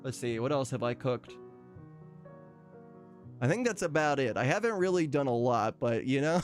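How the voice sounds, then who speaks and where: A man's voice: medium pitch, wildly swooping pitch, a little slow, long pauses, faint music behind. A man streaming casually, chatting with his viewers, laughing often and reading out their messages. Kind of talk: casual live-stream chat.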